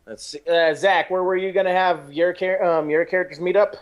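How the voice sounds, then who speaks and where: A man playing in a tabletop game, tossing in casual, joking remarks between turns. His voice sits a touch high for a man. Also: fairly even intonation, a little fast. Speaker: player.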